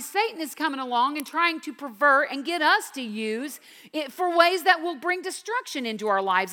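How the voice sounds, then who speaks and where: Woman, 50s, high bright voice, earnest devotional teacher, reverberant hall. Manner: earnest, emphatic, swings from quiet to intense. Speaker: Bible teacher.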